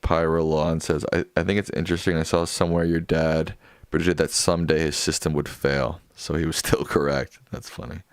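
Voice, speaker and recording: A man's voice: a bass voice, little pitch movement, brisk, clear, resonant tone, no echo. A man hosting a livestream after-show, casually reading viewer comments aloud and answering them offhand. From United States. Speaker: livestream host reading chat. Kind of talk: casual chat.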